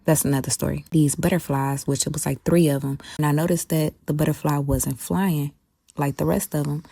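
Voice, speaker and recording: Young woman, deep gravelly voice, blunt profane storyteller, casual vlog. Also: steady tone, a little fast, warm tone, dry recording. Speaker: beauty vlogger.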